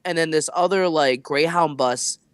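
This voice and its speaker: A man's voice: fairly high pitch, moderate pace, fairly bright tone, clean tone, no room sound. A man co-hosting a podcast, telling a rambling, casual story full of fillers and asides. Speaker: podcast co-host.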